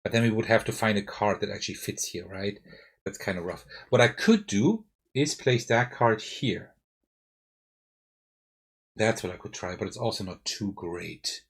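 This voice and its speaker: A man's voice: lowish voice, normal speed, husky. German-accented man thinking aloud. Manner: thinking aloud, self-questioning with frequent "right?". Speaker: board game streamer. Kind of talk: live card game playthrough. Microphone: desk mic with face cam.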